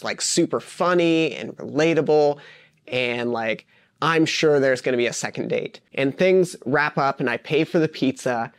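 A young male teacher telling an animated, self-deprecating story. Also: mid-range voice, dry recording, clean studio sound. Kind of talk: casual anecdote.

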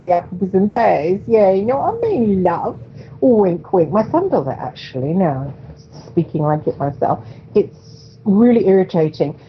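Middle-aged English woman, radio host, lowish voice, rambling and hesitant with many ums, dull lo-fi recording. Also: mellow. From West London. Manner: rambling and hesitant, frequent ums, self-deprecating. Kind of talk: casual monologue. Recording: dull lo-fi internet radio sound.

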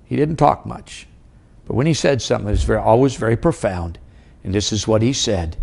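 A middle-aged man preaching a sermon as an evangelist, telling a personal story with wide swings in pitch and loudness. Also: animated, a little fast, gravelly, slightly rough.

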